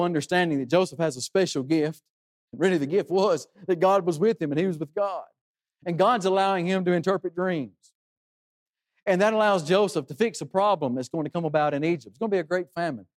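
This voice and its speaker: A man's voice: fairly high pitch, a little mellow. A man preaching a sermon in an earnest way, asking rhetorical questions and dropping his voice for emphasis.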